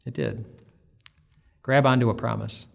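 A man's voice: mid-range voice, steady tone, unhurried, gravelly. A man, a pastor, giving an earnest, conversational devotional talk that often restarts its phrases. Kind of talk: devotional teaching.

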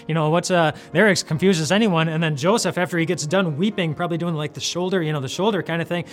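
A man's voice: a little high, fast talker. Conversational man retelling a Bible story. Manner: conversational, with frequent restarts and repeated words. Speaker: devotional host. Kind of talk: casual devotional Bible talk. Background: faint music.

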